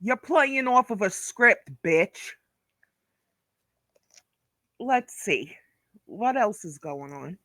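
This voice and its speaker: A woman's voice: mid-range voice, big pitch swings, extremely slow, pauses often, bright, forceful tone, no echo, clean studio sound. A woman from Brooklyn, ranting on a commentary vlog, blunt, profane and scolding. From Brooklyn, New York. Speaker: vlogger.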